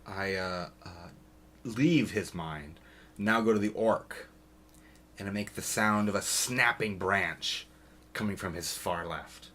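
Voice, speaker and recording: A man playing a tabletop game, speaking in a hesitant, halting way. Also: on the low side, bright, forceful tone. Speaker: player. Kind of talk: casual tabletop play.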